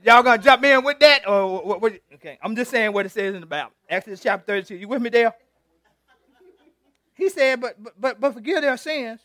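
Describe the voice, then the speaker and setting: A male pastor leads an interactive sermon, chatting with his congregation and joking with individual members. His voice sits high, and the recording is dry and close. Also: brisk, fairly bright tone, no echo. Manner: conversational, teasing the congregation, retells scripture with playful voices.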